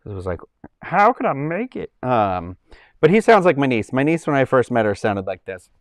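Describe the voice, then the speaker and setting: A man's voice: mid-range voice, big pitch swings, a little fast, no echo, studio quality. A man hosting a casual livestream from home, rambling loosely with lots of likes and ums. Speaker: livestream host. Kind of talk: casual chat.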